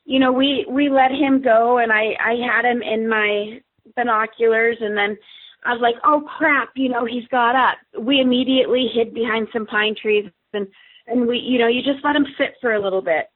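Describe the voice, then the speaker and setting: A slightly high-voiced woman talks at a moderate pace on a tinny phone line. In a casual chat as a guest, she tells a lively story, acting out the dialogue of the people involved.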